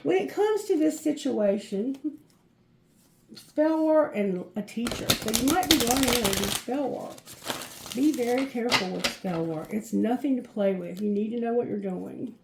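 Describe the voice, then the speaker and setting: A woman with a fairly high voice gives a chatty tarot card reading to her viewers. She is effusive and giggles often between her messages. Her voice rings out in an echoey room. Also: animated, moderate pace, gravelly, background noise. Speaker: tarot reader.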